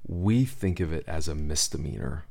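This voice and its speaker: A man's voice: extremely low pitch, lively intonation, moderate pace, creaky, darkish tone. A man who is a lead pastor, speaking in an earnest, reflective podcast conversation.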